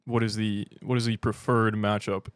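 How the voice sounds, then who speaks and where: A man's voice: on the low side, little pitch movement, moderate pace, smooth, no echo, clean studio sound. A British man hosting a fan livestream, chatting casually and joking as he answers viewer comments. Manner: rambling and joking, self-deprecating, with many restarts. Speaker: fan channel livestream host.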